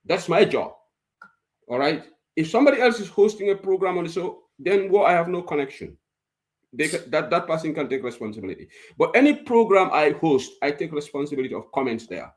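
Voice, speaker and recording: Emphatic man hosting. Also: fairly high pitch. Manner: emphatic, argumentative, mixes in local language. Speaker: host. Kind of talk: call-in current affairs talk show.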